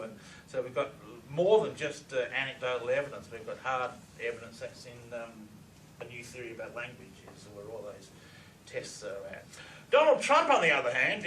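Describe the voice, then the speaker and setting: A man's voice: medium pitch, bright, forceful tone, a little hiss or hum. A man giving a lecture presentation, explaining clips in a matter-of-fact way with frequent fillers. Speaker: presenter on reverse speech. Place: lecture room with audience. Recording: echoey room, distant mic.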